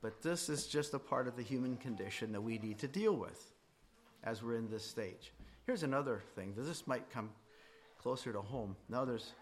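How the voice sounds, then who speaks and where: A middle-aged man leads a faith class in a classroom, speaking in a conversational way and addressing questions directly to his students. His voice is medium in pitch and normal in speed, with pitch that rises and falls widely. There is slight background noise.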